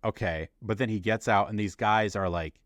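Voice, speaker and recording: A man co-hosting a podcast, chatting casually and jokily, acting out movie characters in quick little voices. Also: on the low side, a bit bright, dry recording. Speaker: podcast co-host. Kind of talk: casual chat.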